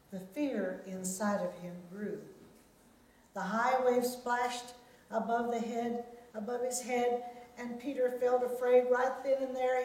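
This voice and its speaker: A woman leading a children's sermon, reading a Bible story and gently asking the children questions. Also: fairly high pitch, distant mic. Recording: very echoey room.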